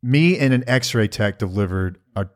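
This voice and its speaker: A middle-aged man co-hosting a casual podcast with his partner. His voice sits a little low, and he answers listener questions in an earnest, reflective way. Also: animated, normal speed. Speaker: podcast co-host.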